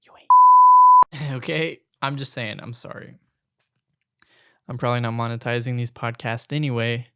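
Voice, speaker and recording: Young man venting in a gravelly voice. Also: medium pitch, steady tone, moderate pace, long pauses, a bit bright. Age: young adult. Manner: exasperated, venting, swears casually. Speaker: podcast host. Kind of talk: casual solo rant.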